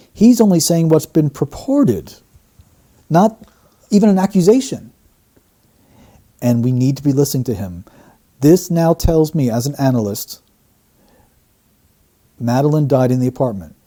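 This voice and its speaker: A man with a fairly high, very mellow voice talks through a recorded statement. He picks it apart phrase by phrase in a steady, teaching tone. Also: unhurried, pauses often. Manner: explanatory, breaks down quotes phrase by phrase. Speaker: statement analyst. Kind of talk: analytical commentary.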